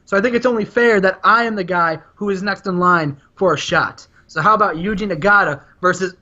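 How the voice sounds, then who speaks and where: A man's voice: high-pitched, a little fast, bright, forceful tone, muffled recording. A man voicing a determined adult male wrestler who insists on a title shot. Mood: insistent.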